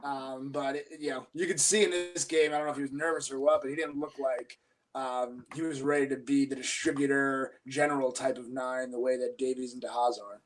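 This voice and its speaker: A man appearing as a guest on a casual sports podcast, talking in a measured, analytical way. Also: mid-range voice, fairly even intonation.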